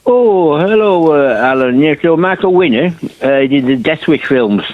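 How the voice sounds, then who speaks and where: A man's voice: on the high side, lively intonation, normal speed. Man calling in over a tinny phone line. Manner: hesitant, chatty, laughing. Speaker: caller.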